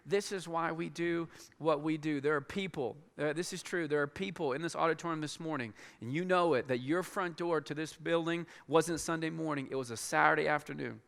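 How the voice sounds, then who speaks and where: A man speaking as a pastor to his church in a large auditorium, earnest and halting, with many restarts. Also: fairly high pitch, steady tone, creaky, a bit bright. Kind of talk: church announcement and sermon. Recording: long hall reverb.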